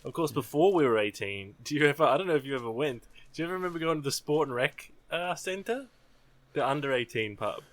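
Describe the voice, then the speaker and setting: A man's voice: on the high side, expressive, quick pace, no room sound. Laid-back young man, casual swearing. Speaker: podcast co-host. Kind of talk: casual chat.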